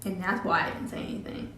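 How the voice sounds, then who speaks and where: Woman vlogger, halting speech, lots of fillers, very echoey room, faint hum. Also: lowish voice, animated, fairly bright tone. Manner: halting, many restarts and "like" fillers. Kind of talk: personal storytelling vlog. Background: cat drinking from water fountain.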